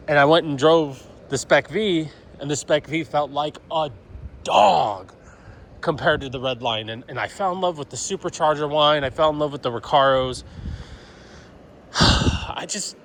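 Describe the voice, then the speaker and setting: A man's voice: on the high side, normal speed, fairly bright tone, slight background noise. A man in his thirties talking casually for a vlog, rambling with lots of fillers and swearing. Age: 30s. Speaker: car vlogger.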